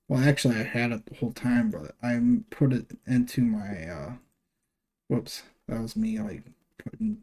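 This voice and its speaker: Slow, gravelly-voiced young man rambling. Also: medium pitch, mellow. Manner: rambling, hesitant, many fillers. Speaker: channel host. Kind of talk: casual screen-share walkthrough.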